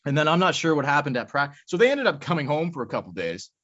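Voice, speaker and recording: Profane, fired-up man, slightly high. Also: sing-song, fast talker, fairly bright tone. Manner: blunt, profane, worked up. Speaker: podcast co-host. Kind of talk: casual chat. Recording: muffled lo-fi podcast audio.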